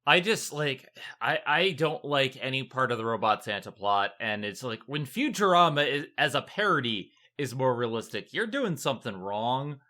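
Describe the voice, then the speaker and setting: A man co-hosting a casual movie review podcast, talking in an animated, exasperated way with many fillers. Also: medium pitch, normal speed, hardly any pauses. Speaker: podcast co-host.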